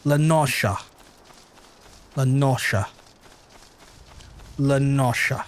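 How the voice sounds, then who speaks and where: A man streaming a game, chatting casually to viewers, swearing often and jumping high in pitch when amazed. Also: expressive, measured pace, long pauses, fairly bright tone. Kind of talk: casual gaming livestream chat. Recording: faint background music.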